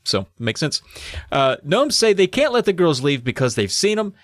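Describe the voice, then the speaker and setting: A man's voice: a little high, sing-song, moderate pace, no echo, studio quality. A man co-hosting a comedy podcast, reading a book aloud and recapping it, with sarcastic asides. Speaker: podcast co-host.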